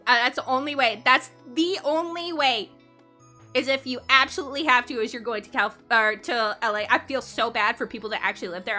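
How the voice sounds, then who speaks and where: A woman's voice: on the high side, moderate pace, pushed and bright, faint music behind. A young woman streaming live, chatting casually with her chat and giggling often between sentences.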